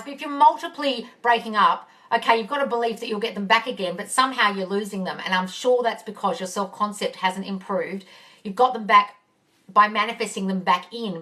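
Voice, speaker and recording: Coaching people on manifesting over a phone live stream, this woman reads out questions from viewers and gives blunt, casual answers, swearing freely and calling everybody darling. She has a bright, forceful mid-range voice picked up by a distant mic.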